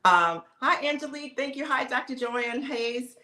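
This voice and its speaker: A woman hosting her own live stream, chatting excitedly and preaching straight to her viewers. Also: high voice, normal speed, reverberant. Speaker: live show host.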